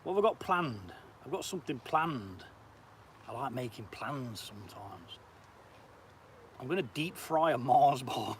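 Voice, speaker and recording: A British man live-streams as an outdoor cooking vlogger on a camp stove, chatting casually, swearing lightly and answering viewer comments as he cooks. His mid-range voice is expressive, at a measured pace with long pauses, and there's slight background noise.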